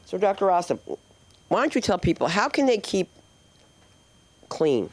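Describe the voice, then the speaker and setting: A woman's voice: mid-range voice, big pitch swings, normal speed. A woman from New Jersey hosting a comedy club open mic, talking to the crowd in a brash, rambling, jokey way. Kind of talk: live stand-up hosting, chatting with the crowd.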